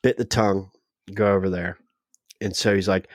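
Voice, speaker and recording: Man, low voice, dry close sound, casual podcast storytelling, acts out dialogue. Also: little pitch movement, moderate pace, no room sound. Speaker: podcast guest.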